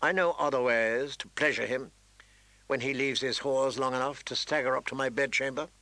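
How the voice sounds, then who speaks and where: A man's voice: medium pitch, steady tone, normal speed, bright, forceful tone, no room sound. A man reading aloud voices a proud, contemptuous noble queen who speaks with haughty scorn. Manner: contemptuous, haughty, turning seductive.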